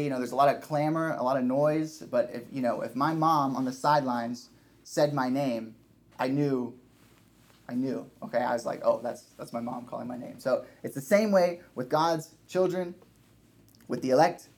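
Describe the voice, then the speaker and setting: A man preaching a sermon, earnest, often restarting and repeating his points for emphasis. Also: medium pitch.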